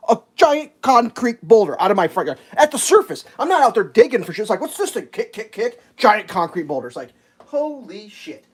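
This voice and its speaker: Animated, sarcastic ranting streamer, around forty. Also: mid-range voice, brisk, slightly rough. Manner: exasperated ranting, sarcastic, swears a lot. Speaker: livestream host. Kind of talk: casual rambling chat while cooking.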